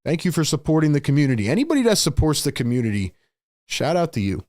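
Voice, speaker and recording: A man hosting a live fan stream, calling the game play by play and reacting excitedly while talking to viewers in the chat. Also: a little high, quick pace, no room sound, clean studio sound. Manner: excitable, shouts big plays, chats with viewers. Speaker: livestream host.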